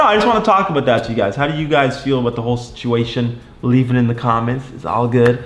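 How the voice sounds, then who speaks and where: Fast-talking young man vlogging in echoey room. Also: medium pitch, slight background noise. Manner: rambling, lots of likes and you knows; frustrated then upbeat. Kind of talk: casual vlog rant to viewers.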